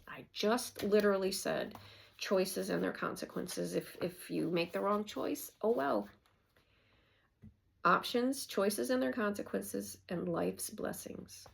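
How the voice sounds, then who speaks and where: A woman's voice: mid-range voice, gravelly. A woman in her fifties giving a casual oracle card reading, reading the card text aloud and then rambling about it. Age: 50s.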